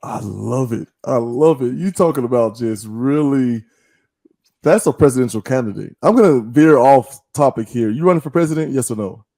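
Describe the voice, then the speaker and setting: A man's voice: medium pitch, animated, moderate pace, vocal fry, warm tone, no room sound. A man hosting an interview, playful and teasing as he asks questions. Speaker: podcast host.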